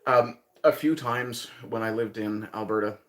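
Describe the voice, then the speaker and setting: A man's voice: mid-range voice, unhurried. A man from Newfoundland with a light Newfoundland accent, chatting casually with viewers on his livestream, rambling and chuckling as he thinks aloud. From Newfoundland, Canada. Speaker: livestream host.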